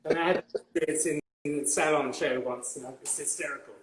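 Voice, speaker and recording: An older English man with a refined, old-fashioned upper-class accent tells stories in a relaxed interview. He talks in a rambling, halting way, full of repeats and fillers. His voice sits a little high for a man and rings in an echoey room. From England. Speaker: guest hairdresser. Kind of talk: conversational interview.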